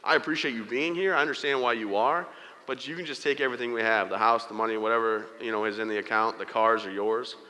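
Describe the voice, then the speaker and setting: A man with a bright, forceful voice delivers a motivational talk at a brisk clip. He tells his story with jokes and plays the other people in it. The sound carries a long hall reverb. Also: mid-range voice. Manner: storytelling with humor, quoting others in character. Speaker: motivational speaker. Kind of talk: motivational keynote speech. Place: large hall before an audience.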